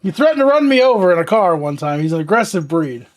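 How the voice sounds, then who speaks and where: A woman's voice: on the low side, sing-song, fast. A woman hosting a casual livestream, chatting playfully with viewers and talking to her dog. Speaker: livestream host.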